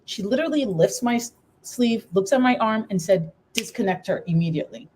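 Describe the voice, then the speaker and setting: A woman's voice: a little high, animated, moderate pace, darkish tone, a little hiss or hum. A middle-aged woman, a guest on a live talk show, telling her personal story while trying to hold back tears.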